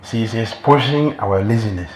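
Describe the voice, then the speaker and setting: A man's voice: on the low side, normal speed, a little hiss or hum. A man giving a sermon as a spiritual teacher, emphatic and repeating key phrases for weight. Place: temple hall. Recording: roomy hall echo.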